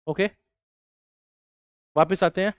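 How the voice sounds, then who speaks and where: Indian man, teacher, high voice, dictation pace, repeats lines, dry close sound. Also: fairly even intonation, smooth, no echo. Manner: repeats phrases slowly for dictation, mixes English and Hindi. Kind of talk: classroom lecture, dictating notes.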